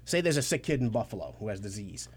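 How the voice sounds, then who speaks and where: A man's voice: on the low side, slightly rough. A man, a comedian, chatting casually and telling stories with acted-out quotes. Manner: quick, animated storytelling with acted-out quotes. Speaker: comedian guest. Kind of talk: casual chat with storytelling.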